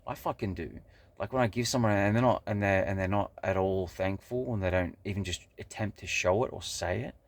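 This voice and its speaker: A man's voice: deep voice, fairly quick. A man talking to camera in a loose, rambling monologue, swearing freely and restarting his sentences with lots of fillers. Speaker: vlogger. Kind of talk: casual monologue.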